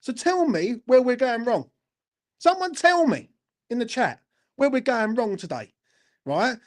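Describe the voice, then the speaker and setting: A man's voice: very high voice, sing-song, a little slow. A man hosting a fan channel, delivering a furious, heavily sweary post-match football rant and often asking the viewer if they follow him. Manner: furious, heavily sweary, keeps asking "do you know what I mean".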